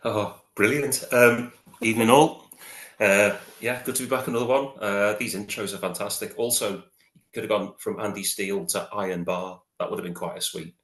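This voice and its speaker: A British man on a podcast panel, chatting casually in a relaxed, low-key way. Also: moderate pace, reverberant. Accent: British English. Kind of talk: casual chat.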